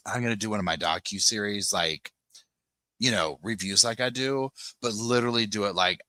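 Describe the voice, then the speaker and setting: A man with a low voice and a bright, forward tone chats through a casual live stream, greeting viewers by name and wandering from topic to topic. His talk is loose and rambling, full of "like" fillers, and the recording is dry and close. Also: normal speed, dry recording. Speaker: podcast host. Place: home, on a sofa with dogs nearby.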